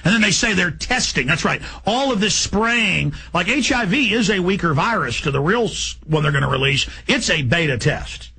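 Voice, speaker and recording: A man hosting a talk radio show, ranting rapidly in an agitated, emphatic way. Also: sits high, lively intonation, pushed and bright, a little hiss or hum, poor audio.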